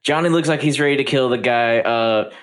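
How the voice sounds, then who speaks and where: A man narrating a tabletop game as game master, halting often with fillers and restarts over a voice call. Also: medium pitch.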